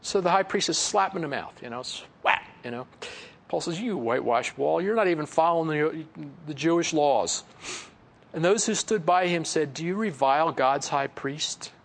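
Middle-aged male pastor, slightly high, gravelly voice, relaxed verse-by-verse Bible teaching with chatty asides. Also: moderate pace. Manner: conversational, reads scripture then explains it with chuckles and asides.

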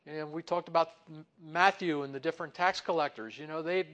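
Male preacher, slightly high voice, folksy Bible-teaching sermon, slow emphatic stretches, "you know" throughout. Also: steady tone. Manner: stretches key words slowly for emphasis, then drops soft. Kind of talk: conversational sermon.

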